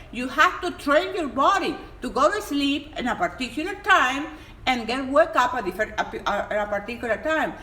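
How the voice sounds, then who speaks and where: A woman's voice: sits high, pushed and bright. A woman giving health advice on a casual live stream, emphatic and exuberant, sometimes pleading. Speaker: health coach. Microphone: phone on a live stream. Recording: echoey room with faint background noise.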